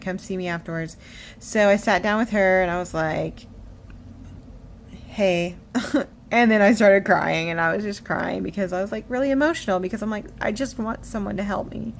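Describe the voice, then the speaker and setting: A woman telling a story in a casual vlog, animated and a little shaky, acting out what people said. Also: lowish voice, slight background noise. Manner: animated storytelling, acts out quotes. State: shaky, emotional. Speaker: vlogger. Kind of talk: casual chatty vlog update.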